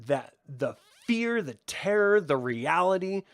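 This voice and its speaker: A man giving a casual review of a TV episode, excitable and gushing, swearing freely and filling his talk with "like". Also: high voice, slow pace, dry recording. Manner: excitable, swears, many "like" fillers. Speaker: TV series reviewer. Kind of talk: casual video review commentary.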